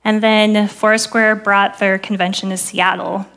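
A woman's voice: mid-range voice, little pitch movement, measured pace, creaky. A woman, preaching and telling her own testimony in church with earnest storytelling. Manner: earnest storytelling, dropping soft for quoted prayers. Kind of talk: sermon testimony.

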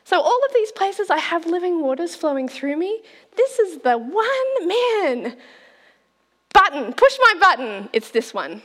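Brief: middle-aged woman preacher, high and lively voice, animated storytelling with laughs. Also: unhurried. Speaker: speaker at a church talk. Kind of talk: storytelling sermon.

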